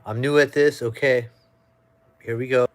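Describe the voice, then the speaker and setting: A man's voice: mid-range voice, steady tone, moderate pace. Chatty man doing a casual live stream. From United States. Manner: chatty, loose, reads out viewer comments. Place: at home. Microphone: webcam or phone.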